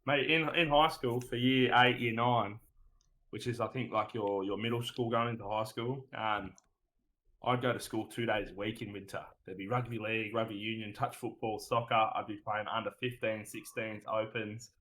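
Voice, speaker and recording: A man's voice: fairly low pitch, steady tone, moderate pace, a bit bright, poor audio. An Australian man, a podcast guest, chatting casually and rambling through stories, often saying "mate". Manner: laid-back, rambling storyteller who says "mate" a lot.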